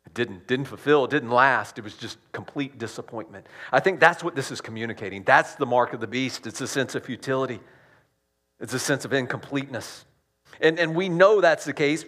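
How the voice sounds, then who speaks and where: Male pastor preaching, emphatic with loud rises and quiet drops, chatty asides, repeats for effect. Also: a little high. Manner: conversational asides and repetitions. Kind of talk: sermon.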